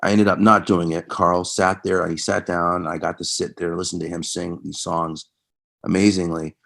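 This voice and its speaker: A middle-aged man, a musician guest, telling stories from his career in a casual interview, lively in anecdotes and quieter when reflective. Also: low-pitched, moderate pace, vocal fry. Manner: animated anecdotes, reenacting conversations; subdued, reflective when recalling loss.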